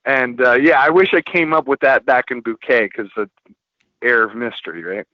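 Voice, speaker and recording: A man chatting casually on a podcast as a film distributor guest, rambling and swearing a lot as he tells animated stories. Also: mid-range voice, normal speed, no echo. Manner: profane, rambling, animated storytelling. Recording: muffled lo-fi podcast audio.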